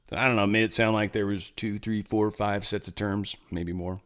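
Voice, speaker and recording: A man's voice: lowish voice, steady tone, moderate pace, few pauses, fairly bright tone. A man hosting a podcast, giving casual news commentary in a rambling, joking, self-interrupting way. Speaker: podcast host.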